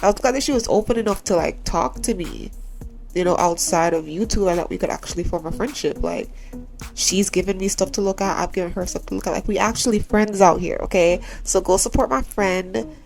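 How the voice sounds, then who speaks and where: A woman's voice: mid-range voice, brisk, a little mellow, faint music behind. A tired woman chatting casually to her viewers as a gaming vlogger, rambling and repeatedly asking them to subscribe. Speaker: Sims YouTuber.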